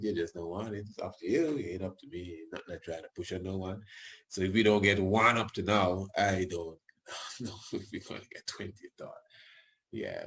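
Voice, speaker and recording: A man hosting a radio show, talking in a rambling, colloquial way with tag questions and chuckling asides. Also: low voice. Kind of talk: casual radio talk.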